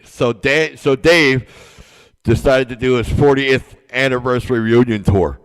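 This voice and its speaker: A man's voice: medium pitch, unhurried. Hyped-up male wrestling podcast host. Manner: hyped, playful and sarcastic. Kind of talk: casual wrestling podcast chat.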